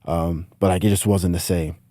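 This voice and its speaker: This UK student athlete, a podcast guest in his late teens, speaks in a low, dark voice with a British accent that's partly Americanized. He tells casual interview stories flatly at normal speed, rambling and filling gaps with "like" constantly. The recording is dry and studio clean.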